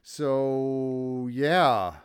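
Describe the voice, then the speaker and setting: A man co-hosting a casual podcast, drunk, loud and crude, laughing often. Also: mid-range voice, fairly even intonation, drawn-out words, noisy background. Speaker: podcast co-host. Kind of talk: casual chat.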